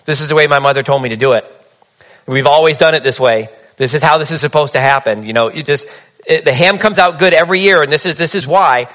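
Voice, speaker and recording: A man voicing a matter-of-fact middle-aged mother who speaks quickly and a bit lower. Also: fairly bright tone, natural voice.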